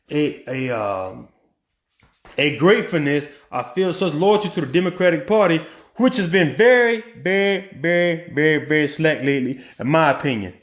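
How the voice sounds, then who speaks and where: A man speaking in a high voice, giving casual political commentary. He talks in an animated way, fires off rhetorical questions and restarts his sentences often. The room around him is echoey. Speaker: vlogger.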